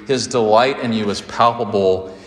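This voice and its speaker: A pastor in his thirties delivers a sermon in a low-pitched voice, swinging between quick, animated storytelling and slow, weighty emphasis. The sound carries the long reverb of a large, roomy hall. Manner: animated storyteller, sings snatches of a song, slows down for emphasis.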